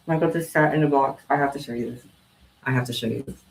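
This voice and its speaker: A young adult craft vlogger talks quickly in a creaky, medium-pitched voice with fairly even intonation. She chats casually while crafting at home and coos baby talk to her pet cats, recorded with a roomy sound from a distant mic.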